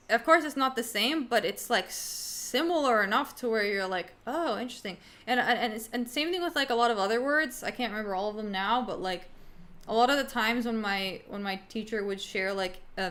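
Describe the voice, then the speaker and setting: A woman's voice: medium pitch, a bit bright. A young woman streaming, chatting casually with viewers in a rambling way, with lots of fillers and casual swearing. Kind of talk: casual livestream chat answering viewers.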